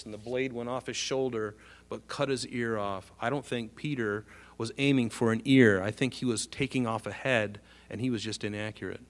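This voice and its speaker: Man, pastor, sermon, animated preaching, acts out quoted voices, swings from soft to loud. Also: mid-range voice.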